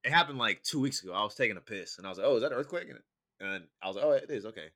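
A young man with a bright, cutting voice chats casually with his brother. He rambles through stories with plenty of "like" and cursing. He sounds easygoing and unscripted. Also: fairly low pitch, lively intonation, racing. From California. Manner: laid-back, profane storytelling with many fillers. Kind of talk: casual chat.

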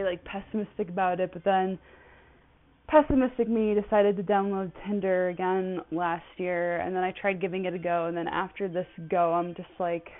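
A woman in her twenties, a podcast host, chatting casually and rambling with lots of fillers. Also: mid-range voice. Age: 20s. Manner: rambling, chatty, with many fillers and frequent laughs. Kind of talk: casual solo podcast chat. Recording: tinny phone-like audio.

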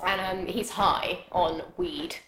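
A woman's voice: fairly low pitch, steady tone, slow, a bit bright. A young woman co-hosting a casual film review chat, joking and giggling as she goes. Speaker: podcast co-host. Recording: echoey room with background noise.

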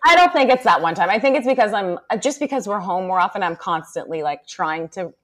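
A woman's voice: mid-range voice, a little fast. Chatty woman telling a story. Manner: animated storytelling with lots of fillers. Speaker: podcast co-host and mother. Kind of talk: casual chat.

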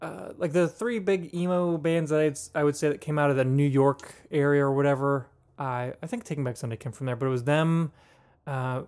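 A man's voice: fairly high pitch, steady tone, fairly quick, a little mellow. A man co-hosting a casual podcast, chatting about beer and music in a playful, joking way with lots of fillers and restarts. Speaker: podcast co-host.

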